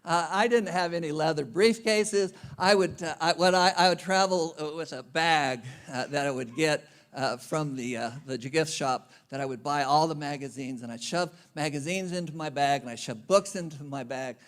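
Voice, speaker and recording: A man's voice: fairly high pitch, moderate pace, few pauses, fairly bright tone. A man giving a conference speech, telling a humorous self-deprecating travel story. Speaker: conference speaker. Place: conference venue.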